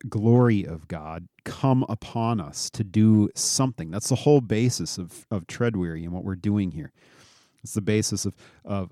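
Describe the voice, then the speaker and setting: A man's voice: on the low side, warm tone, no echo, clean studio sound. A man preaching a sermon in a conversational way, often repeating words as he starts a phrase.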